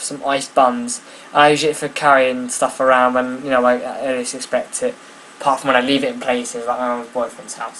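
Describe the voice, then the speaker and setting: Rambling young vlogger. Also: male voice, mid-range voice, slight background noise, low-quality recording. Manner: rambling, self-mocking, lots of ums. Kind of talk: casual vlog chat.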